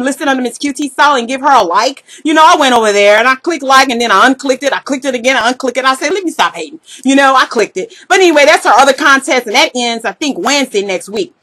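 A woman's voice: sits high, fairly bright tone. A woman with a Southern US accent playing her brash, gossipy, jealous party-girl alter ego in a comedy vlog, talking in a sassy, slangy, trash-talking way. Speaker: vlogger in character.

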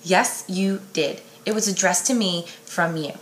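A woman reading the lines of an irritated teenage boy, low and hushed. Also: a little slow, slight background noise, close to an everyday voice. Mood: annoyed. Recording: echoey room.

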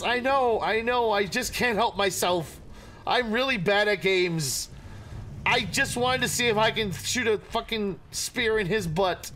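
Yelping, excitable gaming streamer man. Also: sits high, a little hiss or hum. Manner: excitable, yelping and apologizing, swears when startled. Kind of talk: let's play commentary.

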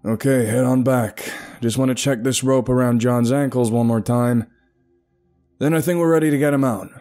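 A man playing an experienced cave rescuer who talks in a brisk, impatient way. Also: mid-range voice, fairly even intonation, a little mellow, soft background music, voice pushed up, close to an everyday voice. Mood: urgent.

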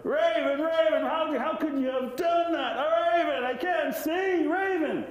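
Tide Woman, a female spirit of the tide, calls out in a high, wavering voice, as a male storyteller puts her on. Her lines leap up sharply and cry out. The sound rings in an echoey room. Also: very animated, slow, lo-fi sound, some chatter behind, full character voice. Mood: anguished. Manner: high, crying out. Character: female tide spirit, suspicious then anguished.

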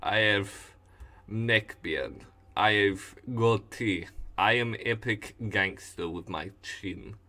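A man's voice: on the low side, takes it slowly, pushed and bright. A man doing a mock-Russian gangster, Yado. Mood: boastful. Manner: blunt, broken-English boasting.

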